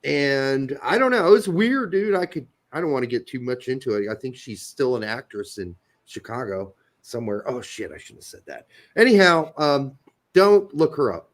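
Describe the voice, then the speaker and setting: A man's voice: medium pitch, moderate pace. A middle-aged man co-hosting a soccer podcast, telling crude jokes and stories in casual chat. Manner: crude, joking, animated storyteller. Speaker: podcast co-host.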